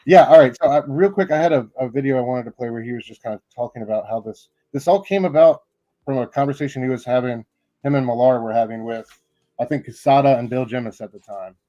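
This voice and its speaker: A man's voice: medium pitch, quick pace, mellow, no echo, highs cut off. A man co-hosting a casual live-stream podcast, talking in a rambling way with lots of fillers and apologies. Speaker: podcast co-host.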